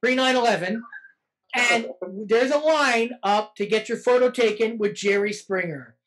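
A man hosting a casual podcast conversation. He keeps things moving briskly, moving from prompts into retelling a story. His tone is conversational. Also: extremely high pitch, a bit bright, low-quality recording. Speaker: podcast host.

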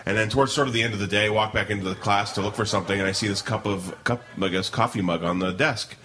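Middle-aged man, quick talker, rambling podcast storyteller, casual chat, frequent laughs. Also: lowish voice, sharp tone, a little hiss or hum. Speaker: podcast co-host.

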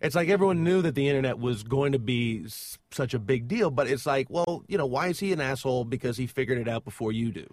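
A man, a stand-up comedian, chatting casually in a quick, excitable way with trailing restarts. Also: medium pitch, no echo. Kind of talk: casual podcast chat.

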